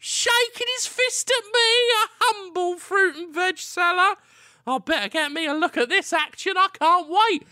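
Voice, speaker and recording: A man voicing a young male fruit and vegetable seller who hollers his wares in a high, drawn-out voice. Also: sharp tone, heavily acted. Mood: hawking. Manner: hollering like a market trader.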